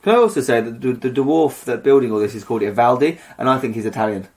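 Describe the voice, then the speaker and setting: A man's voice: medium pitch, lively intonation, quick pace, darkish tone. Jokey man reading myths. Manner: jokey, slips into silly put-on voices. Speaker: podcast co-host. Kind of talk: casual chat and reading myths.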